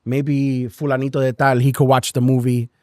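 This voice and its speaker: A man's voice: mid-range voice, level tone, moderate pace, darkish tone, no room sound, studio quality. Reflective man hosting a faith chat. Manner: reflective, thoughtful, with hesitant fillers. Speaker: podcast host. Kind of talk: candid faith conversation.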